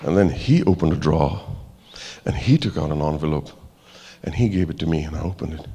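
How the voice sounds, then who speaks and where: Very deep and a touch quick, this keynote speaker's voice carries big-room sound over slight background noise. With an Indian English accent, he delivers a motivational talk, bringing a story's characters to life and trading jokes with the crowd.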